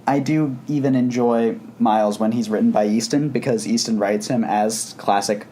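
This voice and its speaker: A podcast co-host talks about comics in a casual, enthusiastic way, rambling and restarting often. His voice is medium-pitched and mellow, at a normal speed, with slight background noise.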